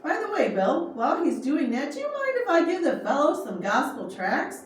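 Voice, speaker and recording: A woman voicing a calm, kind middle-aged man preacher who speaks plainly and earnestly. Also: high voice, normal speed, pitched above the performer's own voice. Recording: echoey room, far from mic, faint noise.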